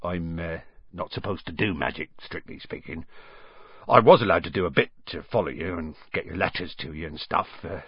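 A man doing Hagrid, deep gruff gamekeeper. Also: normal speed, dry recording, highs cut off. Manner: rumbling, folksy, hesitant with ums. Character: huge gruff kindly male gamekeeper, older.

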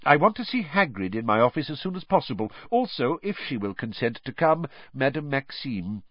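A man's voice: medium pitch, sing-song, normal speed, no echo, voice pushed up. Dumbledore, a man voicing a commanding old wizard. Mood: grave. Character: wise old male headmaster, calm, commanding. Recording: dull lo-fi recording.

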